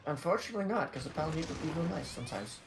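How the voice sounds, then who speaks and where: A man's voice: fairly high pitch, expressive, rapid-fire, background noise. Rambling male gamer on voice chat. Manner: rambling, unsure, laughs along. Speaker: guest co-player. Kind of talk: casual chat over voice call.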